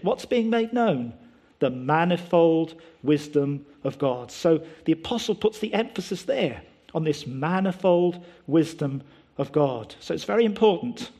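A man delivers a sermon in an emphatic, explanatory way, often pausing on rhetorical questions. His voice sits a little higher than most men's. He builds each point in steps. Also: lively intonation, dark tone, breathy edge. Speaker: preacher.

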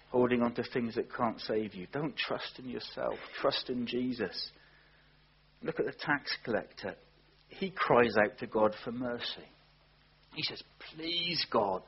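A man's voice: medium pitch, slightly rough, muffled recording. A man preaching a sermon, earnest and emphatic, asking rhetorical questions.

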